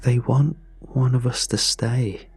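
A man voicing a calm, resolute woman on an expedition, speaking quietly and steadily. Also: medium pitch, slow pace, vocal fry, breathy edge, pitched above the performer's own voice, exaggerated voice.

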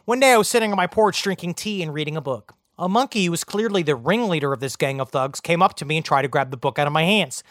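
A man co-hosting a casual comedy podcast, reading listener emails aloud with animated storytelling and swearing. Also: a little high, fast, few pauses, no room sound, clean studio sound.

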